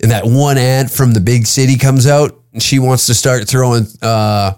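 Canadian man, podcast host, rambling comic monologue, swears freely, mid pitch. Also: fairly even intonation, normal speed, darkish tone, clear, resonant tone. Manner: crude rambling, swears freely, acts out quoted voices. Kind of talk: casual comedic monologue.

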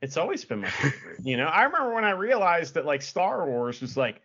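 A man with a bright, sharp tone and a lively, swooping pitch banters on a podcast. He teases with sarcastic, mock-angry jabs. The audio is slightly dull and lo-fi. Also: fairly quick. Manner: playful mock outrage, sarcastic teasing. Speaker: podcast co-host. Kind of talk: casual chat.

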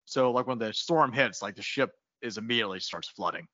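A man with a bright, forceful voice talks through a movie's plot with a friend, laughing often and slipping into quick character voices. The sound is dry and somewhat dull, like a lo-fi recording. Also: on the low side, lively intonation, dry recording. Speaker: podcast co-host. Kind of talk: casual movie recap chat.

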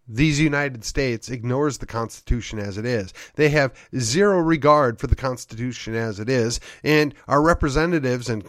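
A man's voice: medium pitch, dry recording. Sarcastic man riffing, dry close mic. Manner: sarcastic, needling, rhetorical questions. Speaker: podcast host. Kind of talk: opinionated monologue.

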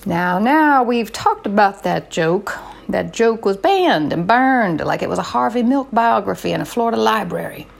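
A woman hosting a comedy show, trading deadpan banter and puns. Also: mid-range voice, normal speed, vocal fry. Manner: deadpan, punning.

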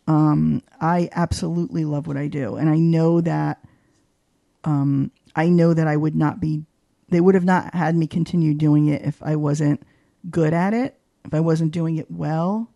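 A woman guest in a casual interview, talking in a chatty, animated way with many fillers. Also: unhurried, creaky, no room sound, muffled recording. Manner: voices quoted people with big pitch jumps. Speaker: guest, arts journalist.

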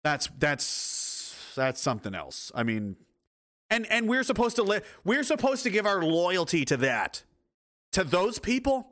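A man's voice: sits high, big pitch swings, a little slow, a bit bright. A man reacting to news reports and photos in a sarcastic, angry, heavily profane rant. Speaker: commentator.

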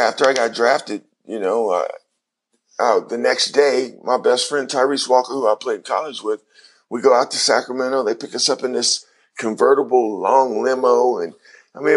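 A man's voice: medium pitch, lively intonation, normal speed. A middle-aged man, a former basketball player, telling his story in an interview, acting out the voices of people he quotes.

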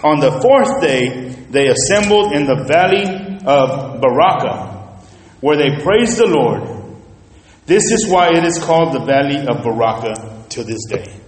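High-voiced preacher in an echoey hall. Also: male voice, a little slow. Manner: animated storytelling, swings between loud and hushed. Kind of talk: sermon. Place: church sanctuary.

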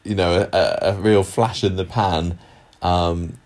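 A man's voice: low voice, steady tone, takes it slowly, darkish tone. A man co-hosting a podcast, chatting casually about an old TV soap with frequent fillers and restarts. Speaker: podcast co-host. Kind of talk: casual chat.

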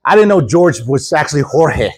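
A man preaching a sermon at a church service, telling stories with animated quoted voices and chuckles. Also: fairly high pitch, normal speed, slightly rough. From Houston, Texas. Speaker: guest preacher.

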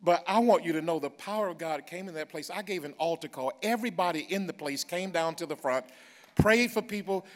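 A man preaching, telling a personal story that builds into loud, drawn-out praise. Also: on the high side. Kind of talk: sermon testimony. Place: church.

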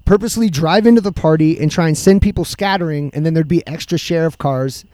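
A man's voice: a little high, quick pace, warm tone, no room sound. A man casually telling rambling, profane party stories among friends.

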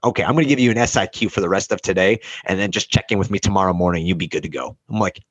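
A man's voice: low-pitched, racing, fairly bright tone, breathy edge, no room sound. A young man telling a rambling, profane story in casual chat, acting out the people he quotes.

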